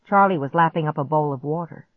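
A woman with a fairly low voice narrates a scary story, building tension. The sound is dry and close, with a dull, lo-fi quality. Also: quick pace, no room sound. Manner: tense, suspenseful storytelling. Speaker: audiobook narrator. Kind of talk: scripted first-person narration.

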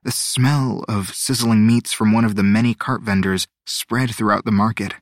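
Reading an audiobook aloud, this man keeps a steady, measured storytelling delivery in a fairly low voice. The sound is clean studio audio without any echo.

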